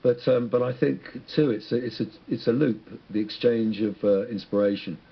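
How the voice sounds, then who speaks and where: A man's voice: mid-range voice, normal speed, vocal fry, husky, muffled recording. A man guest on a radio interview, speaking in a rambling, reflective way with many restarts. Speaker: musician guest.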